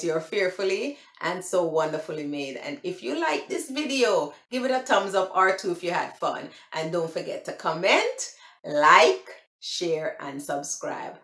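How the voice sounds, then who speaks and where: Jamaican woman, casual vlogger, slow deliberate delivery, bright voice, roomy echo. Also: lowish voice. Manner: switches between patois and careful slow English; chatty, repeats each phrase twice. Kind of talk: casual teaching vlog.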